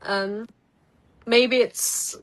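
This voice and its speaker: A woman's voice: fairly high pitch, steady tone, very slow, rough recording. A woman with an Essex English accent, a psychic guest chatting casually on a podcast and giving tarot readings with lots of "like" and "um". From Essex, England. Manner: chatty, laughs easily, many "like" and "um" fillers.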